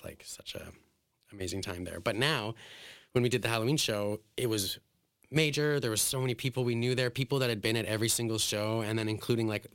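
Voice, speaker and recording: Low-ish guy chatting in an interview, says like constantly, laughs a lot, dry close sound. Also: a bit bright, dry recording. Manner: chatty, full of "like" fillers, acts out quotes; emotional, laughs often. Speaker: drag performer and guest. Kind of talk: casual interview storytelling.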